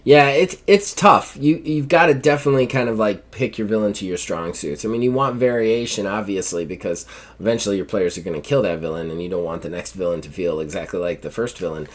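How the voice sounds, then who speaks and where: A man's voice: fairly low pitch, brisk. Laid-back rambling podcast man. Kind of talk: casual podcast chat.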